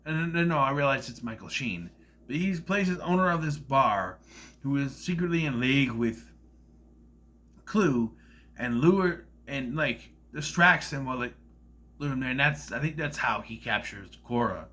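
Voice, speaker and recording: A man's voice: mid-range voice, animated, moderate pace, sharp tone. A man giving a casual, rambling movie review, often slipping into silly voices to act out lines. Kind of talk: casual film review monologue.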